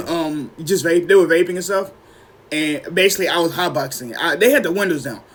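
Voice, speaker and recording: A young man with a high-pitched voice tells a long story in a relaxed podcast chat. He acts out what people said, jumping even higher when he quotes them, and keeps clearing his throat. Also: fairly quick. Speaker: podcast co-host.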